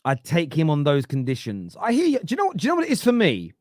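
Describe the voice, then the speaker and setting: Male host, 30s, lively chatty delivery, laughs a lot, dry close sound. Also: fairly high pitch, fast talker, hardly any pauses, dry recording. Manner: animated, laughing, repeats words for emphasis. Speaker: football podcast host. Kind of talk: casual live-stream chat reading comments.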